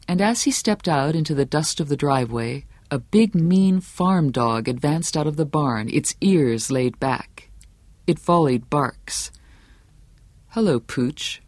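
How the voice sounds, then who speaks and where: A man narrating an audiobook in a steady, measured storytelling manner. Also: mid-range voice, no room sound. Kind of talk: scripted narration.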